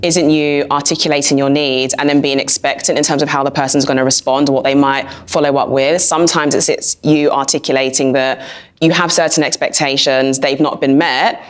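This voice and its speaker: Low-voiced earnest woman co-host. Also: fairly even intonation, a little fast. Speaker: podcast co-host. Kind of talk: casual podcast discussion.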